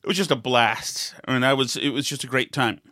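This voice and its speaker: American man, middle-aged, rambling storyteller, bright voice, dry room. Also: mid-range voice, brisk, dry recording. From United States. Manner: rambling, with many fillers and restarts. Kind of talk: casual conversational storytelling.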